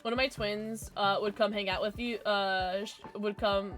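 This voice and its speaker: A young woman streaming a game, chatting casually with her viewers and reading chat aloud, bubbly and quick to laugh. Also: medium pitch, steady tone, fairly bright tone, soft background music. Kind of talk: casual gaming livestream chat.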